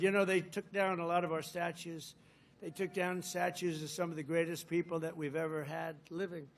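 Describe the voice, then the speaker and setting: High-pitched older man at a rally. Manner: rambling, boastful, jokey, swinging from loud bursts to low asides. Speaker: politician addressing a rally. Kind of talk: off-the-cuff rally speech.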